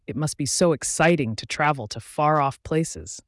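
A man's voice: fairly high pitch, moderate pace, dry recording, clean studio sound, natural voice. A man voicing a tiny curious leaf girl. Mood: wistful.

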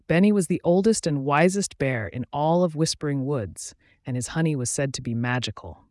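A man telling a bedtime story in a soothing, even way. His voice sits a bit higher than most men's. The recording is close and dry. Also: no echo.

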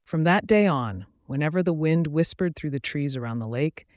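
A man narrating a bedtime story in a gentle, soothing, even read. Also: a little high, moderate pace, dry recording, studio quality.

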